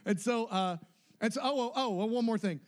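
High-voiced, lively preaching man. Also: a little fast. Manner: animated, laughing storyteller who acts out quoted voices. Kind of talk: sermon storytelling.

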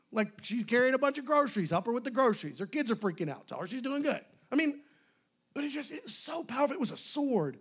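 Animated high-voiced male pastor. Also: quick pace, slightly rough. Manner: animated, conversational, swings between loud and hushed. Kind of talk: sermon.

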